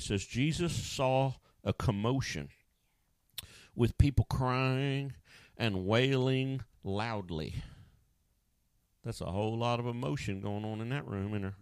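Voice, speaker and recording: A man preaching a sermon, animated, acting out Bible scenes and now and then jumping into high wailing voices. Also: smooth, no room sound, clean studio sound.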